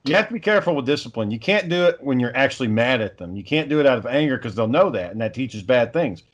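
A man's voice: mid-range voice, expressive, fast, muffled recording. A father in casual chat, rambling through stories about his kids and swearing freely.

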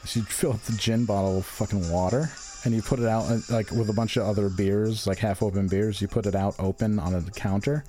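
A man's voice: lowish voice, fairly even intonation, a little fast, few pauses, dark tone. A man in casual chat, telling rambling, profane stories, with faint music behind.

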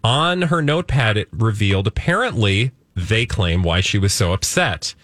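A man's voice: fairly low pitch, very animated, moderate pace, a bit bright, no echo. A man co-hosting a podcast in casual comedic chat, playful and mock-outraged. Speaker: podcast co-host.

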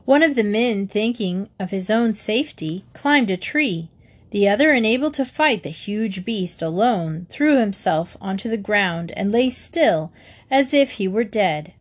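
A woman narrating children's fables in a gentle, measured storybook reading. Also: mid-range voice, lively intonation.

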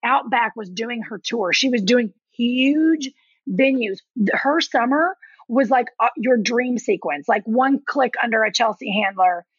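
A woman comedian with a Southern US accent, chatting casually and telling animated stories with many restarts. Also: on the high side, measured pace, breathy edge, dry recording, muffled recording. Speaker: guest comedian. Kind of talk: casual chat.

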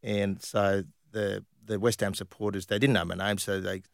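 A middle-aged man from Western Australia, telling animated stories as an interview guest, full of fillers. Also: on the low side, normal speed, creaky, no room sound, clean studio sound. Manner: animated anecdotes with frequent laughs and fillers. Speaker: guest, former footballer. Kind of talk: casual storytelling interview.

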